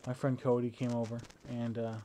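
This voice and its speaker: A man's voice: medium pitch, monotone, a little fast, background noise. A young man talking into his phone in a casual, rambling video diary addressed to his partner. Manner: rambling, chatty storytelling. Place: at home indoors.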